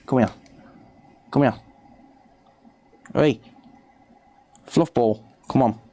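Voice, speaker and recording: On his repair livestream, a man with a British accent draws out his words in a mellow, medium-pitched voice. He's chatty and coaxing, talking to pets and tossing in playful asides.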